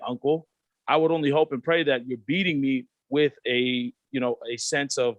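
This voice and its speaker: Heard through a dry, lo-fi recording, a Pacific Islander guest on a candid video-call panel speaks at normal speed with medium pitch and fairly even intonation. He's reflective and earnest, and acts out the voices he quotes.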